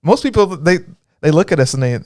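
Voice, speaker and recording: A man with a light Texan accent co-hosting a casual livestream chat, joking and telling animated stories. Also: fairly high pitch, fairly quick, dry recording, clean studio sound. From Texas. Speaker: livestream co-host.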